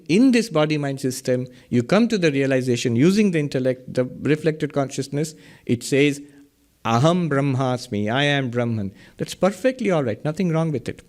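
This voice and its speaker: A middle-aged man delivers a philosophy lecture on Vedanta. He speaks in a slightly higher register for a man and works through ideas with questions and examples, chuckling at his own jokes. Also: darkish tone. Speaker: Vedanta teacher.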